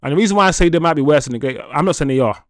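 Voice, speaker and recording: A man's voice: a little high, rapid-fire, dry recording, clean studio sound. A man hosting a football livestream, chatting casually, reading viewer comments, and laughing often. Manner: animated and chatty, laughs often, addresses chat as guys. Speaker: football channel livestream host.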